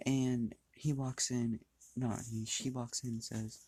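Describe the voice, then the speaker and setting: A man's voice: medium pitch, little pitch movement, takes it slowly, darkish tone, slightly rough. A man casually narrating a fan-made story, rambling, restarting lines and swearing freely.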